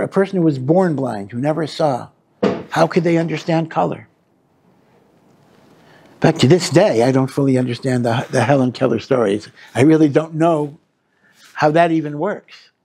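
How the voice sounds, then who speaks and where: A rabbi delivers a weekly Torah lecture in a husky voice that sits a little high for a man. He teaches in an earnest, unhurried way, sprinkling in Hebrew terms and pressing hard on his key lines. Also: a little mellow.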